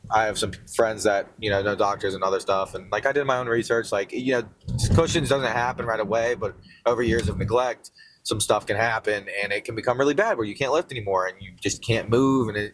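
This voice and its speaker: A man's voice: on the low side, fairly bright tone, a little hiss or hum. A young man with a partial rural American accent, chatting casually in a fitness vlog on the way to the gym, rambling and joking with lots of fillers. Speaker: fitness vlogger. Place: in a car on the road.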